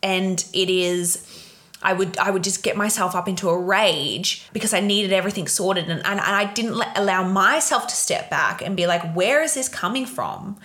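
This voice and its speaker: A woman's voice: mid-range voice, fairly even intonation, normal speed, pushed and bright. Frank young woman podcasting alone. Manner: frank, emotional, swears freely. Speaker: podcast host. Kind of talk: candid solo podcast monologue.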